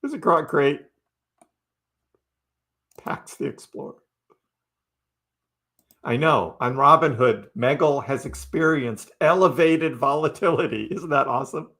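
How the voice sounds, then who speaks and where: A man hosts a laid-back crypto livestream, chatting loosely, laughing often and addressing viewers by name. His voice is on the high side and a bit bright, unhurried, with long pauses.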